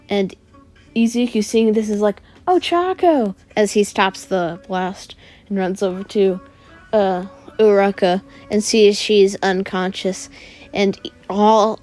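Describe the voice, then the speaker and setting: A woman's voice: mid-range voice, a little mellow. A woman casually retelling a fan story, rambling with lots of "uh" and "like". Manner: rambling, full of "uh" and "like".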